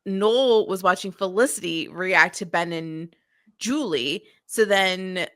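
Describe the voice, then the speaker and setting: A woman's voice: lowish voice, takes it slowly. A woman co-hosting a podcast, recapping a TV episode in casual, jokey chat with many fillers. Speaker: podcast co-host.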